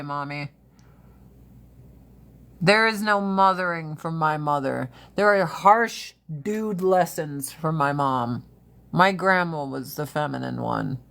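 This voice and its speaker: Woman, casual livestream host on a phone, blunt, profane and animated. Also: low voice.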